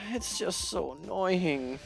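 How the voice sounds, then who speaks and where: Let's play host, unhurried delivery, fed-up and laughing it off, faint game music underneath. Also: mid-range voice, lively intonation. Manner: exasperated, laughing in frustration. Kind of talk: video game commentary.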